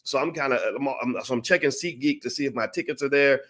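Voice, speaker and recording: A man telling a story in a casual, profane, animated way, acting out what people said. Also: mid-range voice, fast. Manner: profane, animated, acts out quotes. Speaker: channel host.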